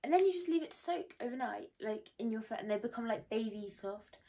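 A young woman rambles to her phone camera from her bedroom, bubbly and chatty. Her voice sits a little high. She speaks, close to a phone propped on a ring light. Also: lively intonation, a little fast, dark tone. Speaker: vlogger. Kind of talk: casual chat to camera. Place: bedroom at home.

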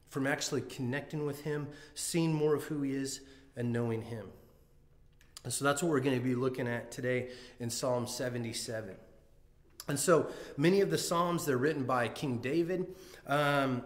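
A pastor preaching a sermon in an earnest, conversational way, often restarting and acting out heartfelt quotes. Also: male voice, medium pitch. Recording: echoey room.

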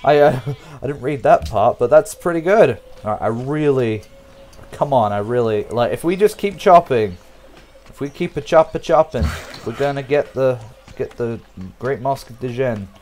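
Animated man commentating a strategy game. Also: mid-range voice, normal speed. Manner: jokey, rambling, talks to the viewers. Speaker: gameplay commentator. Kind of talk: casual let's-play commentary.

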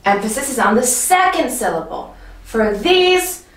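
Slow, high-voiced woman teaching grammar. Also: very animated, reverberant, distant mic, low-quality recording. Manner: clear, patient, checks in with the viewer. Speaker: English teacher. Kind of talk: grammar lesson.

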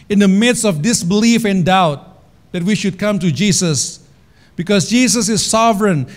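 High-voiced preaching man, Indonesian accent. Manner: earnest preaching, repeats phrases, slows for emphasis. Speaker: pastor. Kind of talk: sermon. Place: church.

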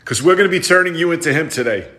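A middle-aged man from New York playing the exasperated father in comedy skits, protesting loudly and bantering with his son. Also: on the high side, animated, racing. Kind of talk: comedic family sketch.

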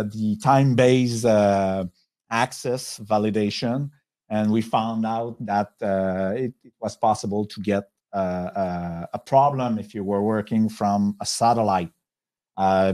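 A man with a French accent, a software company executive giving a webinar presentation, talking in a halting way with many pauses and restarts over a video call. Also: lowish voice, fairly even intonation.

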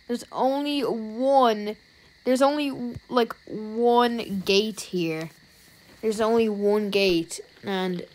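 A woman with an Irish accent giving let's-play commentary as a YouTuber, talking to herself and reacting with jumpy, excited outbursts. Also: fairly high pitch, poor audio. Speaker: YouTuber playing a game.

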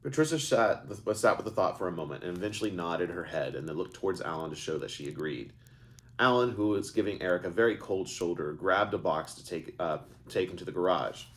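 A man's voice: low-pitched, lively intonation, a little fast. A man reading his own book aloud live, stumbling and correcting himself as he goes. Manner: unscripted stumbles and self-corrections. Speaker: author and narrator.

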